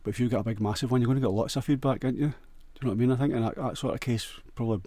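A man's voice: mid-range voice, rapid-fire, mellow, no room sound. A man with a Scottish accent rambling crudely through a jokey solo monologue, often restarting and stumbling over words.

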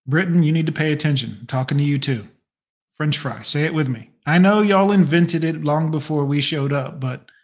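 Sarcastic higher-voiced man riffing. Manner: sarcastic, mocking asides. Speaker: reaction video host. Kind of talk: casual profane reaction commentary.

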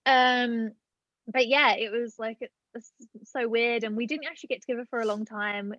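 A woman's voice: a little high, steady tone, normal speed, fairly bright tone, no echo. A young woman from Britain, a podcast guest telling a story in casual chat, full of "like" and "um". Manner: chatty, filler-heavy with many "like" and "um". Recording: dull lo-fi dry sound.

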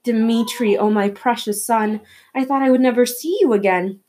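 A woman's voice: a little high, moderate pace, mellow, pitched above the performer's own voice, natural voice. A frail old grandmother speaks tremulously, full of emotion, as a woman reading the novel gives her voice. Her lines rise slightly above the narration. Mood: tearful.

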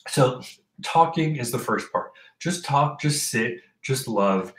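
A man's voice: medium pitch, expressive, fairly bright tone. Earnest man talking in an echoey room. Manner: earnest, halting, many fillers and restarts; reads from a list aloud. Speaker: host talking about mental health. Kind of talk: casual personal talk.

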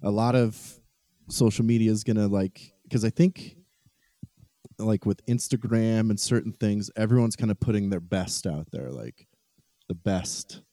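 A man with a low, mellow voice co-hosts a relaxed chat, laughing easily and reading aloud from an article. The recording is dry and close. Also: unhurried, no echo. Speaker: podcast co-host. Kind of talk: casual chat.

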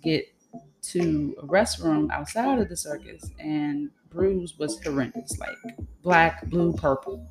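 A fairly low-voiced woman venting on her podcast, frank and exasperated. She rambles through her story in loose, run-on sentences and swears freely, with music playing clearly behind her. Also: slow pace. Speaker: podcast host. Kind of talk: solo venting monologue.

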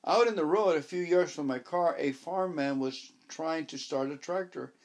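A man narrating a first-person story as an audiobook, wry and measured, voicing his own dialogue. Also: fairly high pitch.

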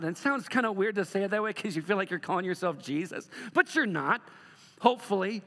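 A middle-aged man preaching a sermon as a pastor, moving from loud emphatic bursts to soft, slow passages. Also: sits high, in a large hall.

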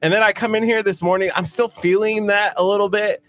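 A man's voice: high-pitched, fairly even intonation, fairly quick, a bit bright, faint music behind. A man co-hosting a morning show, chatting in a playful, bouncy way. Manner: playful, bouncy, swings his voice up and down. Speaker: radio co-host. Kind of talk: casual morning show banter.

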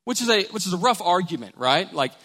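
An animated male pastor delivers a sermon with a slightly higher voice. His words ring out through the long reverb of a church sanctuary. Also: quick pace. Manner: animated, storytelling.

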